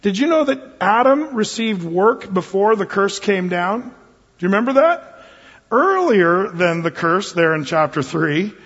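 A man's voice: sits high, lively intonation, measured pace, a bit bright, slightly rough. A man preaching a sermon as pastor, in a conversational, joking way. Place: church sanctuary. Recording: reverberant hall, dull lo-fi sound.

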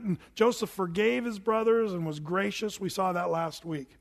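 Casting: middle-aged male preacher, high-pitched, lively, conversational with frequent restarts. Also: moderate pace, vocal fry. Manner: animated, chatty, many restarts. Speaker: pastor. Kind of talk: sermon with storytelling.

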